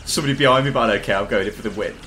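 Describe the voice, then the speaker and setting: A young man co-hosting a game playthrough, chatting excitedly and swearing as he plays. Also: mid-range voice, rapid-fire, music in the background. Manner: excitable, swears and laughs often. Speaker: gaming video co-host. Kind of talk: casual gameplay banter.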